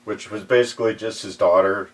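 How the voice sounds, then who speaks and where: A middle-aged man chatting casually and showing off his collection in a record shop, relaxed and chuckling now and then. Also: fairly low pitch, distant mic. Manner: relaxed, unhurried, chuckles while recalling. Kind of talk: casual chat.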